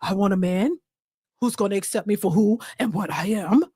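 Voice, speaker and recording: A woman mimicking a husky older woman who wants to be spoiled, with a raspy, smoky voice and a slow, self-assured delivery. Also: medium pitch, warm tone, a little hiss or hum, voice pushed down, lightly acted. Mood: demanding.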